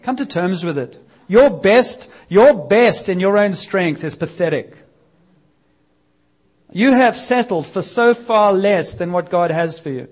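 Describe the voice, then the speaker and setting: A man preaching a sermon in a church service, with a conversational, energetic delivery and lively quoted voices. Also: sits high, measured pace. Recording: dull lo-fi sound.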